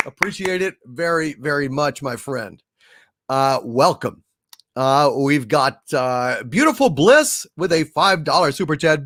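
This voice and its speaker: Middle-aged male streamer, sarcastic and furious, lively swooping delivery, a bit high-pitched. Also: no room sound, studio quality. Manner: angry, sarcastic, swears often. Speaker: livestream host reading super chats. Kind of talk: ranting livestream chat.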